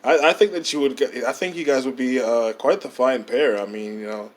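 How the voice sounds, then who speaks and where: A man's voice: medium pitch, fairly quick. A man hosting a casual podcast chat, laid-back and calling his guest "bro". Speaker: podcast host.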